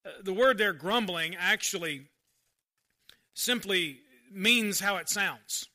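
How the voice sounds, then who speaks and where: A male pastor preaching a conversational sermon, swinging between loud emphasis and quiet asides. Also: high voice, takes it slowly.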